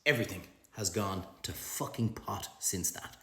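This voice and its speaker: A middle-aged Irish man delivering a profane comic rant to camera, ranting in an animated, swearing way. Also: normal speed. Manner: profane, animated ranting with big pitch swings. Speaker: social media comedian. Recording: roomy echo.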